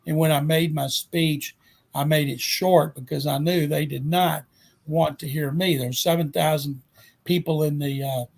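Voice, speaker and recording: A man in his seventies with a Texan accent, a guest sportswriter telling animated anecdotes in an interview. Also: on the high side, moderate pace, creaky. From Texas. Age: 70s. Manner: animated anecdote-teller, acts out quotes. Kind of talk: storytelling interview.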